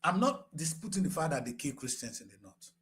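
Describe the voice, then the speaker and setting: A man in his sixties with a Nigerian English accent, giving impassioned political commentary that swings from grave and low to shouting. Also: sing-song, fairly quick. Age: 60s.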